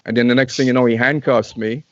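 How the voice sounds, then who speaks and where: A man's voice: mid-range voice, fast talker, no room sound. Guy from canada telling his story, jumps around and repeats himself a lot, kinda muffled dry audio. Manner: animated, repeats phrases, restarts often. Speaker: interview guest. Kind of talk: casual storytelling.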